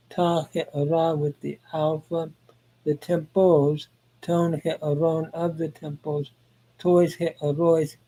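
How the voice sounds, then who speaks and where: A man teaching Greek grammar in a recorded lesson, reciting word forms one at a time and pausing often with "uh.". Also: fairly high pitch, mellow, low-quality recording.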